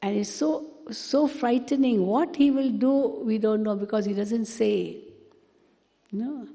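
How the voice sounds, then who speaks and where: A woman giving a spiritual class, speaking gently and repeating words for emphasis. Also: fairly high pitch, takes it slowly. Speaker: spiritual teacher. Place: meditation hall. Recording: long hall reverb.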